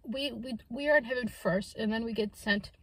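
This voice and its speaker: A woman with a slightly husky, fairly high voice muses softly as she eats on camera, often talking through a mouthful. She rambles in a relaxed way, full of fillers and half-finished thoughts, and her tone stays wondering rather than forceful. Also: moderate pace, rough recording. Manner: musing, rambling with many fillers; soft-spoken, wondering. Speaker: mukbang vlogger. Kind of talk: casual chat while eating.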